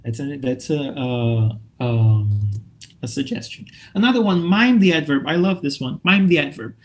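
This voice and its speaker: A man from Brazil leads an online training session for English teachers over a computer mic. His voice sits a little higher than most men's, and he keeps it upbeat and lively, checking in with his listeners again and again. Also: moderate pace. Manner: lively, upbeat, checks in with frequent okay and right.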